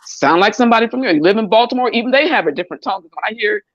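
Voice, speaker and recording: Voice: medium pitch, animated, rapid-fire, no room sound, muffled recording. A speaker from the United States talking casually in a group discussion, easygoing and full of loose examples. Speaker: discussion participant.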